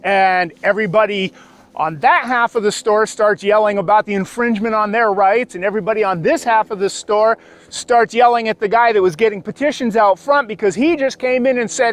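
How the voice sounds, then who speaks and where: A man doing a stand-up comedy routine, telling stories and acting out the people in them with sudden voices. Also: fairly quick. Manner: acts out characters with sudden high-pitched voices.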